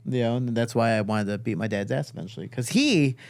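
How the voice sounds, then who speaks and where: A man's voice: medium pitch, fast. A man from Chicago telling a family story in casual conversation, acting out the people he quotes. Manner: animated, acts out quotes with a raised voice. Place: studio.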